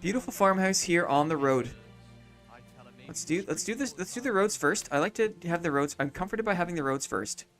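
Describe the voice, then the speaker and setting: A slightly higher-voiced man talks through his live stream of a city-building game in a casual, easygoing way. He muses out loud, echoing his own phrases as he plans each move, and turns to greet his viewers now and then. Soft game music plays quietly behind him. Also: lively intonation, a little fast. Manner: thinks aloud, repeats his own phrases; chats with viewers between moves.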